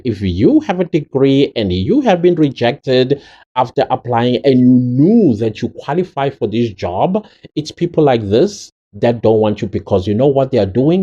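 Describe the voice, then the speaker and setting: A man's voice: mellow, highs cut off. An indignant man ranting. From South Africa. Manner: indignant, emphatic, swings pitch sharply when stressing words. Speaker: commentary vlogger. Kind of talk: angry opinion commentary.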